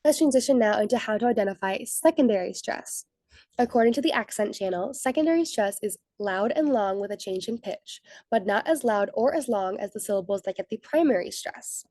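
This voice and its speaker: A woman's voice: mid-range voice, expressive, a little fast, mellow, no echo. A young woman, a student, giving a methodical scripted slide presentation for a class. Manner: methodical, reads from prepared notes.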